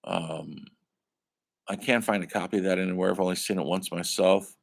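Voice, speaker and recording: A man's voice: deep voice, fairly even intonation, moderate pace, creaky. A man teaching a film studies class in a rambling, enthusiastic way, with many fillers and restarts. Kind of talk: casual classroom lecture.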